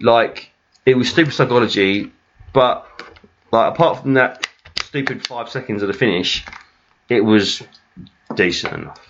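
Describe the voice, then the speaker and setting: A man, a podcast co-host, ranting in casual chat, swearing a lot and sounding animated. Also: mid-range voice, unhurried, long pauses, lo-fi sound, noisy background.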